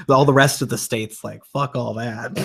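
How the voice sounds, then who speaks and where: A man's voice: medium pitch, gravelly, fairly bright tone, husky. A man from Michigan with a Michigan accent, a guest in a casual chat, laughing often and hedging with fillers. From Michigan, USA.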